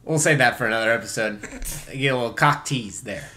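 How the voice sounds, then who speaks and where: A man's voice: mid-range voice, fairly quick, pushed and bright. A young man co-hosting a podcast in casual comedy chat, rambling, joking and swearing. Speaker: podcast co-host.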